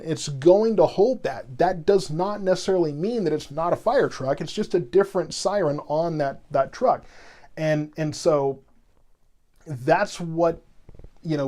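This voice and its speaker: A man's voice: fairly high pitch, dark tone. A man hosting live severe weather coverage, explaining at length to viewers with many restarts and repetitions. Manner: rambling, repeats himself, explains patiently to chat. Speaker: weather stream host.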